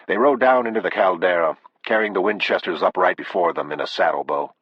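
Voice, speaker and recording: A man narrating an audiobook in a measured, unhurried reading. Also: low-pitched, slightly rough, no room sound. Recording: dull, dry lo-fi audio.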